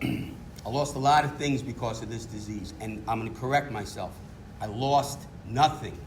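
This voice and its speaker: A middle-aged man from New York, speaking at a meeting, gives candid, self-deprecating recovery testimony. His voice is mid-range, his speed normal, with slight background noise.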